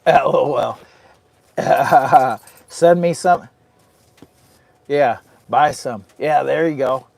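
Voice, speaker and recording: A man's voice: medium pitch, very slow, creaky, long pauses, darkish tone. Rambling man chatting in a hot tent. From Michigan. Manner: rambling, talks to his dog in a doting baby voice. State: hot and sweating. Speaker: outdoor vlogger and live streamer. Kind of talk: casual live-stream chat. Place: inside a heated tent in the rain.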